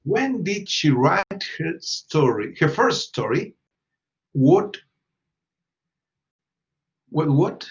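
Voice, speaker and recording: Guy teaching english, kinda high voice, patient, keeps prompting the class. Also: sing-song, drawn-out words, pauses often, muffled recording. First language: Spanish. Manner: patient, repeats questions and prompts students.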